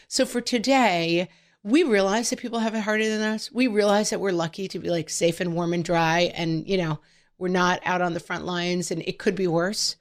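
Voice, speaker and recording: A woman in her forties co-hosting a podcast in casual chat, telling stories with lively acted-out quotes. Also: fairly low pitch, brisk. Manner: animated storytelling, quoting family in character. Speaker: podcast co-host.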